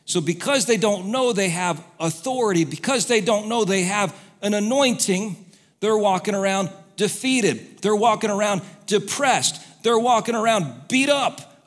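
A man preaching a sermon, telling stories and moving between quiet asides and loud exhortation. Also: sits high, animated, moderate pace. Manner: storytelling, swings from soft to loud exhortation. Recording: long hall reverb.

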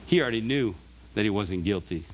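A man's voice: fairly low pitch, animated, brisk. A male pastor giving a sermon, earnest and conversational with emphatic turns.

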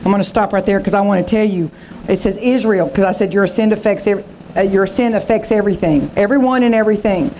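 A woman's voice: medium pitch, fast, mellow, a little hiss or hum. A woman pastor preaching a revival sermon, fervent and dramatic, acting out the voices of scripture.

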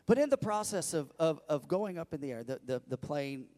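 A middle-aged pastor preaches a sermon, sharing a personal story conversationally and addressing the congregation directly. His voice is a little high and brisk with a dark tone and big pitch swings, set in a big-room sound.

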